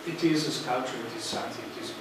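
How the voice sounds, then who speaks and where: A man's voice: mid-range voice, fairly even intonation. Man lecturing in an echoey hall. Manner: halting, searching for words, many fillers. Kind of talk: public lecture. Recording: echoey hall, distant, noisy.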